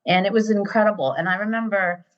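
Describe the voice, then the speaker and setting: An American woman in her fifties from Ohio, a guest telling stories in a casual interview, animated and digressive, often laughing. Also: mid-range voice, fast talker. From Ohio, USA. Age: 50s. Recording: dull lo-fi sound.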